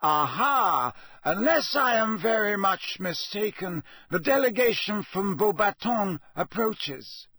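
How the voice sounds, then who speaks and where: A man's voice: sits high, sing-song, slow pace, hardly any pauses, pushed and bright, no echo, pitched above the performer's own voice, full character voice. A man voicing an elderly headmaster wizard with a grand, courteous manner. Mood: announcing.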